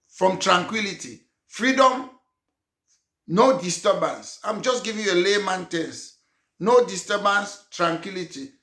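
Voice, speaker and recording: Emphatic high-voiced man. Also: sharp tone. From Cameroon. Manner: emphatic, repetitive, poses rhetorical questions. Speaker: political party leader. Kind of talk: political address to an audience. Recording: roomy echo.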